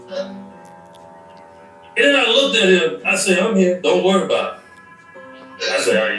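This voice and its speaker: A man's voice: high-pitched, normal speed, pauses often. A man telling an anecdote and laughing as he goes. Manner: laughing, animated storyteller. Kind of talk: storytelling anecdote. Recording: echoey distant clip with faint music.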